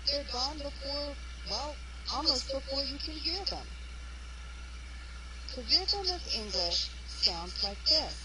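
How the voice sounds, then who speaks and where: A woman's voice: high voice, slow pace. A woman giving a scripted mini lecture in a teaching video, asking rhetorical questions and talking straight to the listener. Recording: loud steady background noise.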